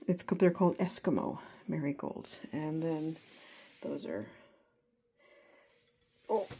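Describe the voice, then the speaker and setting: A woman's voice: deep voice, slow, pauses often, warm tone. Chatty woman vlogging her garden, lots of ums and restarts, bit of hiss behind her. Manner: rambling, hesitant, many fillers and restarts. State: a little out of breath. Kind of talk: casual weekly garden update. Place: home, upstairs spare room.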